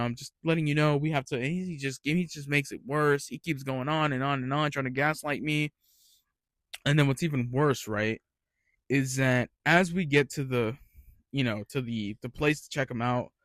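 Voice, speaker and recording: A man's voice: mid-range voice, a bit bright, no echo. A young man telling retail work stories in a rambling, ranting casual monologue, swearing freely.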